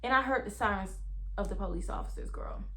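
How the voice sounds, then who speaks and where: A young woman, casually telling viewers a story in a vlog, animated, full of slang and swearing. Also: medium pitch, fast, a little hiss or hum. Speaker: vlogger.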